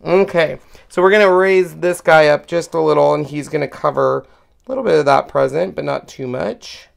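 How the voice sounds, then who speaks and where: A man's voice: on the high side, moderate pace, gravelly. A man hosting a live craft tutorial, chatting step by step and thinking aloud as he lays out a card. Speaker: craft host demonstrating card making.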